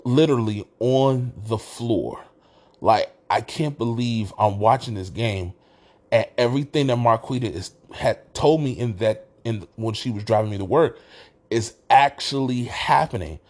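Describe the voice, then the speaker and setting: A man hosting a podcast, telling a story in a rambling, casual way and restarting his sentences often. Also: medium pitch. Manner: rambling, restarts sentences, animated when retelling. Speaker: podcast host.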